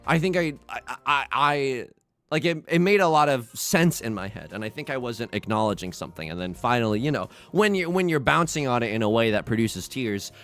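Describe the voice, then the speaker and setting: Animated, self-mocking young male streamer. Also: medium pitch, brisk, hardly any pauses, soft background music. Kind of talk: casual livestream chat.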